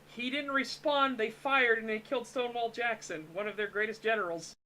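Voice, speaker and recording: Animated, bright-voiced man telling stories. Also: very high-pitched, brisk, a little hiss or hum, rough recording. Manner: animated storyteller, swears freely. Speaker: streamer co-host. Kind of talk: casual podcast chat.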